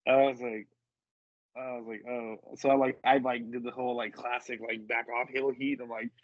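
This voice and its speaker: A man's voice: mid-range voice, little pitch movement, a little fast, dry recording, highs cut off. A man telling wrestling stories in casual chat, swearing freely and acting out what people said. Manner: profane, acts out voices in quotes. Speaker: wrestler guest.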